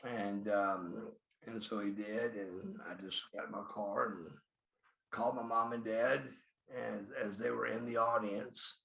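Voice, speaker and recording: This man, a former pro wrestler in his fifties, delivers blunt, profane stories in a podcast interview, naming himself in the third person, and the room echoes. His fairly low voice is steady, a little slow, bright and forceful, with vocal fry.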